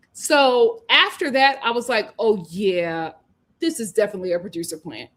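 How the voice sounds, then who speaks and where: A woman hosting a live recap show, talking emphatically and reading out viewers' comments as she gives her opinions. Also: medium pitch. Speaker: host.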